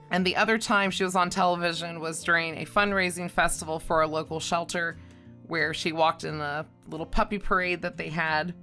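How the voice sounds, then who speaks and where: Woman, lowish bright voice, fond scripted tribute, chuckles often, faint guitar music. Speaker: dog channel vlogger.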